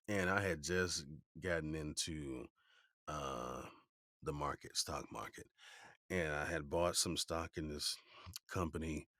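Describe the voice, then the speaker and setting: A male voice actor telling stories in a relaxed interview, animated, slipping into playful voices for quotes. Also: a bass voice, no echo, studio quality. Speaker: voice actor guest.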